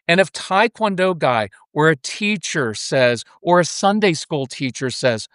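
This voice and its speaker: A middle-aged man talking as a podcast guest about parenting, animated and acting out little scenes of parent and child. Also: a little high, moderate pace, hardly any pauses, dry recording, studio quality. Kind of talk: casual interview conversation.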